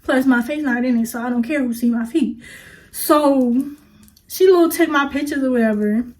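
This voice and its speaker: A young woman with a high, bright voice tells a storytime to her viewers. She keeps it casual and chatty, full of fillers and slang, and talks to the audience as if they were friends. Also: normal speed. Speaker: vlogger.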